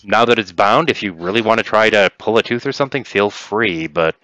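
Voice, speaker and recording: Deep-voiced male game master. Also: brisk, no echo, muffled recording. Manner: relaxed, rambling narration with fillers. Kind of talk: narrating a tabletop game.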